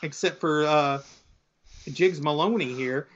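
Guy retelling old comic stories, bit high voiced, slips into character voices, muffled lo-fi sound. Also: slow. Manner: animated storyteller acting out voices.

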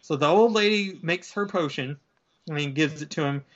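A man's voice: fairly high pitch, moderate pace, fairly bright tone. A man casually retelling a comic book story, rambling with lots of fillers and acting out bits. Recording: dull lo-fi sound.

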